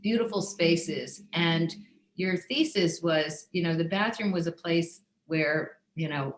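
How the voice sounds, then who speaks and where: A woman with a fairly low voice hosts a virtual book club and poses measured, encouraging questions. Her voice carries the echo of a hard-walled room heard over a video call. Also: slight background noise. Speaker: book club host, interviewer. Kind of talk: interview questions.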